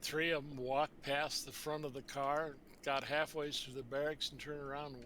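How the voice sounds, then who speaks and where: A man's voice: on the high side, little pitch movement, normal speed, pushed and bright. A man telling a drinking anecdote in clipped, short sentences with a dry delivery. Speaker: storyteller. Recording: noisy background.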